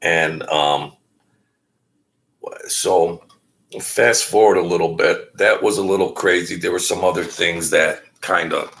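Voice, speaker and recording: A low, gravelly man speaks at an unhurried pace. He tells a story casually and haltingly, full of fillers and restarts, and slips into the voices of the people he quotes. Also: steady tone, a bit bright. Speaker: guest telling a story.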